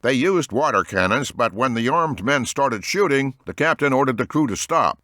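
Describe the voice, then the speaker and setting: A serious male agency boss, as a man reads him in an audiobook, businesslike and steady. His voice sits a little above the narrator's, delivered in a measured monotone with a dry, close sound. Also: mid-range voice, no echo, pitched above the performer's own voice. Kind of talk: audiobook character voice.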